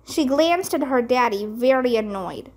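A woman reads a children's chapter book aloud, her voice high and light. She goes slowly and gently, shaping each sentence with expression. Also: animated. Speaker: storybook reader.

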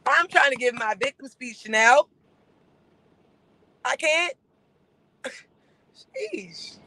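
Sarcastic male streamer with a high, gravelly voice who keeps circling back to the same point. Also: very slow, long pauses, sharp tone, dry recording, low-quality recording. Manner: sarcastic, repetitive, laughs between phrases. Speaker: livestream host. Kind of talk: casual livestream rant.

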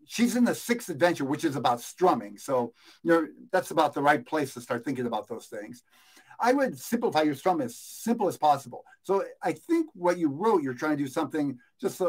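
A man teaching guitar in a live question-and-answer lesson, relaxed and rambling, often correcting himself and counting beats aloud. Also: a little high. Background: his own guitar playing.

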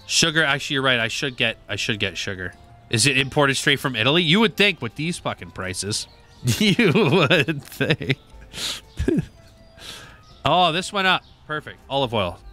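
A man talks through a shop game in a loose, offhand way, muttering numbers and swearing casually. His voice is bright and lively, rising and falling a lot. Faint music plays behind him. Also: mid-range voice. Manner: chatty, mutters prices aloud, swears casually. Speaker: gaming channel host.

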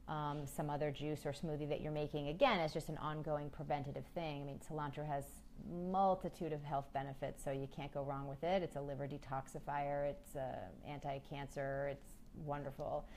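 A woman's voice: low voice, a little hiss or hum. A woman in her thirties hosting a live question-and-answer stream, chatty and frank, reading viewer questions aloud with frequent ums. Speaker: women's health host.

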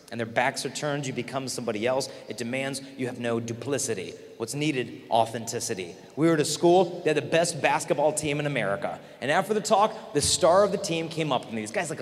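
Male conference speaker, lively storyteller, voice ringing in a large hall. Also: medium pitch, fairly quick. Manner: animated, acts out quoted voices. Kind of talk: storytelling talk to a youth audience. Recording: long hall reverb, faint noise.

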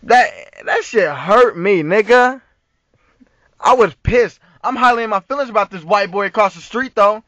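A man's voice: sits high, moderate pace, sharp tone, dry recording. A man telling an angry story in a heated, profane way, full of street slang, sitting in a car. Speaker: vlogger. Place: inside a parked car. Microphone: phone. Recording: dull, dry phone audio.

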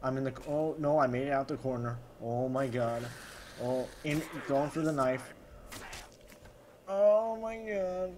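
A man's voice: mid-range voice, fairly even intonation, moderate pace. Man, mid-range voice, overexcited comic gameplay commentary with dry sarcastic asides; light noise behind. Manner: overexcited, constant gasping exclamations. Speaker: gaming YouTuber parody.

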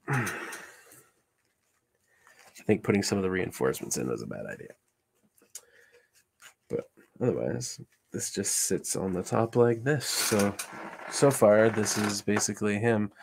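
A man's voice: on the low side, creaky, a little hiss or hum. A man chatting casually on a live stream, thinking aloud with restarts and greeting viewers while showing a puppet build.

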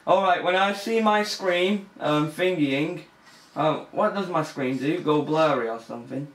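A man's voice: fairly high pitch, a little slow, roomy sound. A young man commentating a horror game as he plays, nervous and easily scared, swearing and laughing. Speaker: gamer. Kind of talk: let's play commentary.

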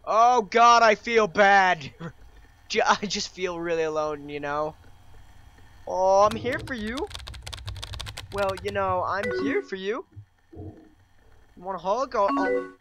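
This young let's-play gamer talks slowly with long pauses, his voice sitting high. He swears playfully through his gameplay commentary, reads chat lines aloud and reacts with mock drama, while loud keyboard typing and slight background noise come through.

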